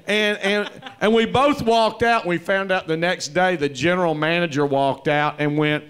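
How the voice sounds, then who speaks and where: Male host, a bit higher than most, smooth tone, animated storyteller. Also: normal speed, few pauses. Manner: rambling, animated, acts out quoted voices. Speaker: interview host, comedy club owner. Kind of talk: live interview storytelling.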